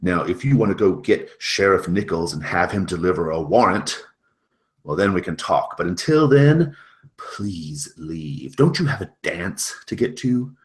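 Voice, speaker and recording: A man voicing a proud, stern woman who firmly turns away visitors in a loud, curt voice. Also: deep voice, expressive, unhurried, voice pushed up.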